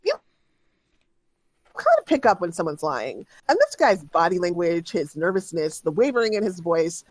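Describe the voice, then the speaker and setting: A woman's voice: on the low side, huge pitch swings, moderate pace, dry recording. Woman game master, dry close sound. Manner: storytelling, laughs often, many fillers. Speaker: dungeon master. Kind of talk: narrating a tabletop game.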